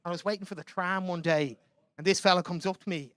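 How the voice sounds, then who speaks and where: A man's voice: sits high, fast, a bit bright, no echo. A young Irish man doing a chatty, self-mocking stand-up comedy set in a club. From Ireland.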